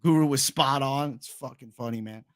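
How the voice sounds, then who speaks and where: A man with an American accent hosting a casual livestream, relaxed and joking as he reads the chat aloud. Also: mid-range voice, normal speed, no echo. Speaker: livestream host.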